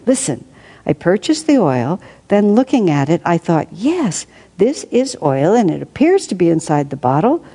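A woman's voice: lowish voice, big pitch swings, normal speed, warm tone, breathy edge, full character voice. A woman voicing a pompous, muddled male philosopher who speaks grandly and then hastily. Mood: flustered. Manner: grand, then flustered and hasty.

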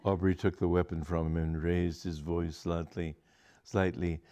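A man's voice: deep voice, flat delivery, a little slow, mellow, clean tone. A man reading a comic story aloud to an audience, with a dry, wry delivery.

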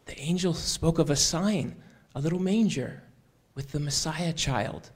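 A man voicing an old male shepherd who is hard of hearing, speaking slowly, wistfully and in a hush. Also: on the high side, breathy edge. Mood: thoughtful.

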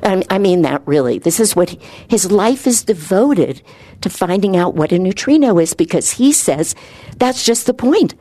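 A woman giving an informal spiritual talk, earnest and rambling, her voice lifting higher when she gets excited. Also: moderate pace, dry recording. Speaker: spiritual speaker.

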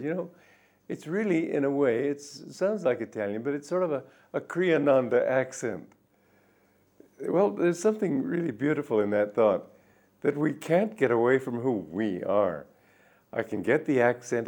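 An older man giving a reflective spiritual talk, speaking gently and musingly, with soft drawn-out endings. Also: mid-range voice. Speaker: spiritual teacher.

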